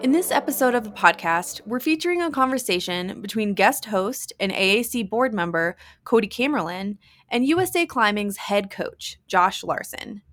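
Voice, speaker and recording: A woman's voice: medium pitch, moderate pace, no echo. Woman reading a polished podcast intro. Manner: smooth, even, polished read. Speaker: podcast host and ad reader. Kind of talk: scripted narration.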